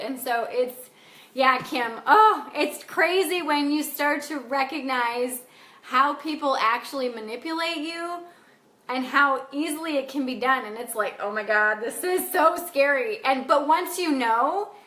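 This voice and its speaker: High-voiced woman coach ranting bluntly on a live stream, echoey room. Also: pushed and bright. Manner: blunt and emphatic, swears casually. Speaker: life coach hosting a live video. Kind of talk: casual live-stream chat, reading comments.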